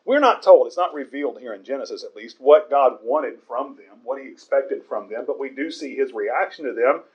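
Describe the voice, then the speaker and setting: A man's voice: medium pitch, lively intonation, normal speed, dull audio. A man preaching a conversational Bible sermon in an earnest way, often stumbling over repeated words.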